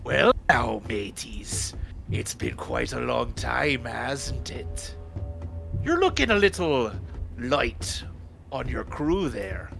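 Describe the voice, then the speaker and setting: A man playing a gravelly undead pirate captain. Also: medium pitch, sing-song, slow, a bit bright, faint music behind, full character voice. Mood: taunting. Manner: taunting, pirate slang.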